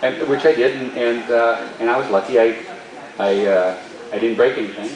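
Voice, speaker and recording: A man, a stunt performer, telling a story at a live Q&A in an animated way and laughing often. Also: mid-range voice, moderate pace. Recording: roomy hall, distant mic.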